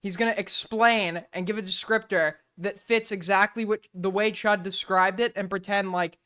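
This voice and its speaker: A man's voice: high voice, steady tone, normal speed, pushed and bright, clean tone. A male streamer giving blunt, profane live commentary as he reacts to a clip.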